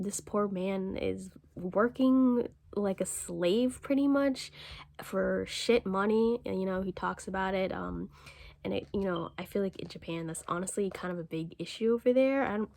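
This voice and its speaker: A woman's voice: medium pitch, gravelly. A young woman in her twenties giving a casual spoken manga review, rambling with lots of ums and casual swearing. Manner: acts out the character's lines in quotes.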